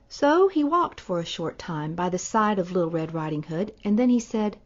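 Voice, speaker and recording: A woman narrating a fairy tale in a clear, measured storybook read-aloud. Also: on the low side, very animated, highs cut off.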